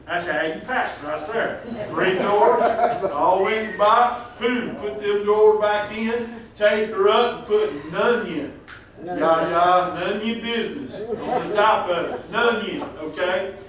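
A high-voiced man with a drawl preaches a folksy, joking sermon. His voice rings around a big, echoey church hall, picked up from well back off the mic with a faint hiss underneath. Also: takes it slowly, distant mic, crowd noise. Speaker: pastor. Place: church sanctuary.

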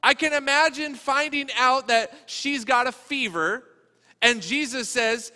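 Bright-voiced pastor preaching in a reverberant hall. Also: male voice, very high-pitched, unhurried. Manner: conversational, joking asides, acts out quoted voices. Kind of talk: sermon. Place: church sanctuary.

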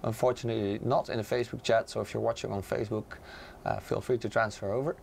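A man co-hosting a casual livestream, hoarse and raspy from being sick, talking with lots of hesitant fillers and restarts. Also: fairly low pitch, little pitch movement, quick pace, a little mellow. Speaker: livestream co-host.

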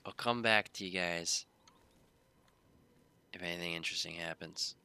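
A man's voice: low-pitched, moderate pace, bright, forceful tone, clean tone, no room sound. A man casually commenting on his gameplay in a laid-back, drowsy, mumbling way. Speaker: gaming YouTuber.

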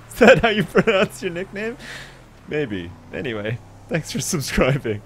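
A man streaming a video game, commenting live in an excitable, jokey way with plenty of swearing. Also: fairly high pitch, measured pace, slight background noise.

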